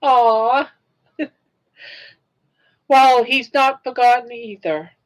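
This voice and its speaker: A woman's voice: a little high, slow pace, rough recording. An older woman hosting her own live stream, chatting casually and reacting aloud to viewer comments. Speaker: livestream host.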